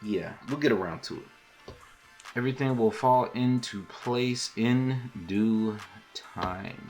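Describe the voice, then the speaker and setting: A man's voice: medium pitch, slow pace, a little mellow, faint music behind. Laid-back man hosting a casual podcast. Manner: laid-back, rambling, slangy. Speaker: podcast host.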